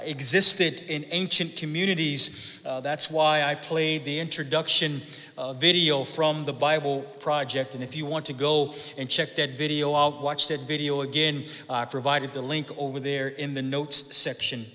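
A man's voice: fairly high pitch, bright, forceful tone, long reverb tail. A man preaching a sermon, reading scripture aloud and then speaking in an emphatic way, often repeating words and saying uh. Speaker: pastor.

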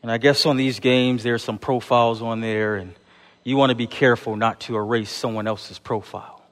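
A man's voice: mid-range voice, fairly even intonation, normal speed. A man preaching an Easter sermon to his congregation in a church, calling them "church" and building rhythmic repeated refrains. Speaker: pastor. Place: church sanctuary. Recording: long hall reverb.

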